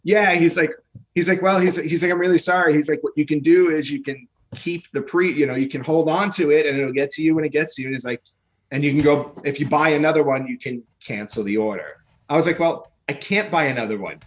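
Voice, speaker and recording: A man co-hosting a casual podcast chat, telling an animated story and acting out both sides of his phone calls. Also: a little high, fast talker. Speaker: podcast co-host.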